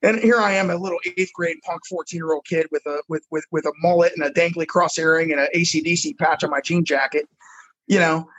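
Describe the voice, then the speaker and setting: A man's voice: fairly high pitch, fairly even intonation, fairly quick, fairly bright tone, dull audio, a little hiss or hum. A middle-aged man, a football coach, telling his own life story frankly and earnestly in a conversation. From United States. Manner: earnest, frank storyteller who repeats words as he goes.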